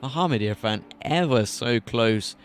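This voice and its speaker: A British man calls a sim race live from the commentary box, his voice sitting at an ordinary middle pitch. He mixes quick race updates with chatty, joking asides. A faint hum of noise sits under him. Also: expressive.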